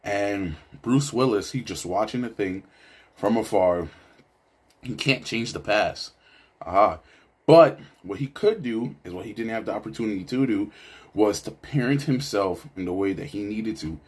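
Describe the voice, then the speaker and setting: Husky-voiced man reflecting casually. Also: on the low side, normal speed. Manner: reflective, loose, with fillers and asides. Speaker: video essayist. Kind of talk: casual film commentary.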